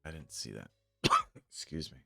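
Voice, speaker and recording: A man's voice: a bass voice, lively intonation, normal speed, creaky, sharp tone, breathy edge, no room sound. A man chatting casually on a live stream while playing a game and checking options trades, muttering and swearing when annoyed. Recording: faint music behind. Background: faint music.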